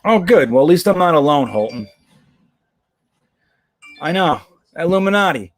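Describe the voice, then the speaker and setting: A man's voice: on the high side, big pitch swings, normal speed, dry recording. A man hosting a casual live stream, rambling and joking with plenty of swearing. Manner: rambling, profane, jokey. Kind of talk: casual live-stream chat about football.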